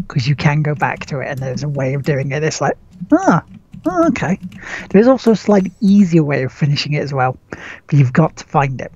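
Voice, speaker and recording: A man's voice: a little high, a little mellow, husky, muffled recording. A man hosting a podcast, chatting casually about games, rambling with lots of restarts, casual swearing and chuckles. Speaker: podcast host. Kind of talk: casual gaming chat.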